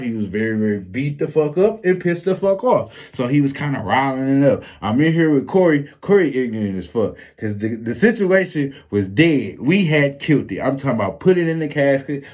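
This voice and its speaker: A man with a Flint, Michigan accent telling a street story in a casual, animated and profane vlog monologue. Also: medium pitch. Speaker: storyteller vlogger.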